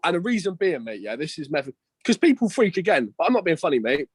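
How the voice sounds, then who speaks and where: A man's voice: a little high, sing-song, fast, husky, dry recording. A young man chatting casually as a podcast guest, slangy and swearing, calling everyone "mate" and "bro".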